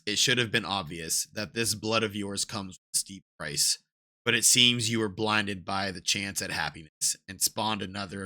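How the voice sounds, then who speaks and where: A man's voice: fairly low pitch, bright, forceful tone. A man voicing a cruel male scientist who holds people captive, speaking coldly and mockingly. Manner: cold and mocking.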